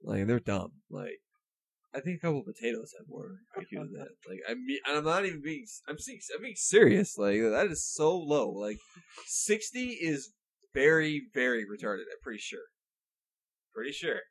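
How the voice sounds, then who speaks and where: A man's voice: mid-range voice, very animated, normal speed, vocal fry, breathy edge. Rambling joking man on a podcast. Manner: rambling, jokey, full of "like". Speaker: podcast co-host. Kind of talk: casual comedic chat.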